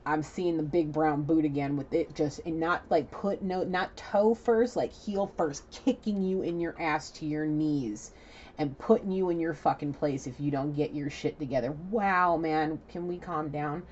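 A woman's voice: low voice, moderate pace, a little mellow, highs cut off, slight background noise. A woman giving a spiritual reading to camera in an emphatic, profane, chatty manner. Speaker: psychic reader.

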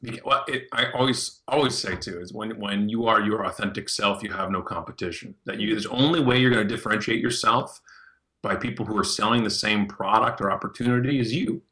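A man, a podcast guest, telling stories in an animated way and often repeating words as he starts his sentences. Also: on the low side, a little fast. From Canada. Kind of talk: casual podcast interview.

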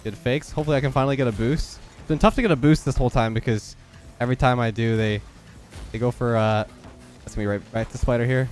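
Fast-talking stuffed-up gamer man. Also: medium pitch, fairly even intonation, darkish tone, soft background music. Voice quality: nasal. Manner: quick, focused play-by-play. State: stuffed-up, nasal from illness. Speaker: gaming YouTuber. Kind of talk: live gameplay commentary.

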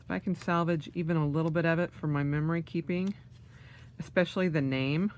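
A woman's voice: deep voice, fairly even intonation, fairly quick. A woman vlogger unboxing things, gushing with gasps and delighted exclamations. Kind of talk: casual unboxing vlog.

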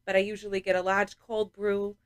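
A sleepy woman co-hosting a casual podcast, relaxed and drowsy, with lots of filler words. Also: mid-range voice, fairly quick, clear, resonant tone, no echo, studio quality. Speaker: co-host.

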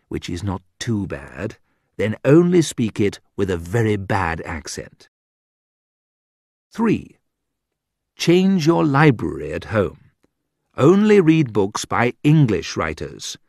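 A man reading a graded reader aloud as scripted narration, slow and deliberate, with a wide sing-song lilt. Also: on the low side, no room sound, studio quality. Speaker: audiobook narrator.

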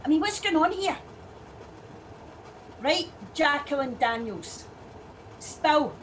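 A high-pitched Scottish woman taxi driver, slow and drawn-out as she teases her passengers in a comic audio drama. There is a faint layer of noise behind her. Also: lively intonation. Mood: mocking. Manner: teasing, laughing, loud.

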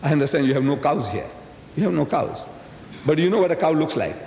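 An older man addresses a crowd in a big hall, his pitch jumping up and down as he teases and quizzes his listeners. The voice sits a little high for a man, and long reverb from the room trails after each phrase, with a faint murmur of the audience behind him. It sounds like a live 1980s lecture recording. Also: expressive, fast, darkish tone, a little hiss or hum. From South Africa, of Indian descent. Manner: folksy, teasing, talks directly to the audience with rhetorical questions. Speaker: Islamic lecturer.

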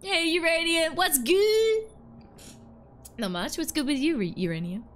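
A woman's voice: very high-pitched, sing-song, a little slow. A woman chatting casually on a live stream while playing a game, joking and greeting her chat between yawns.

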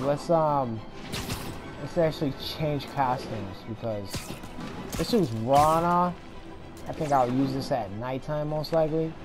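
A young adult gamer giving casual, profane gameplay commentary with frequent excited whoops. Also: medium pitch, vocal fry. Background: video game music.

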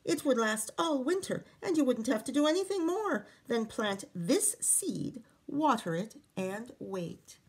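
A woman voicing a tiny, clever male leprechaun who pleads in a high, wheedling voice for a storybook reading. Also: lively intonation, unhurried, few pauses, husky, exaggerated voice. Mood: coaxing.

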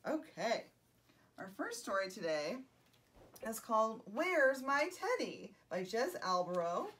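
A children's librarian reading picture books aloud to young children, animated and enthusiastic. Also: female voice, on the high side, measured pace. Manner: animated, enthusiastic and sing-song.

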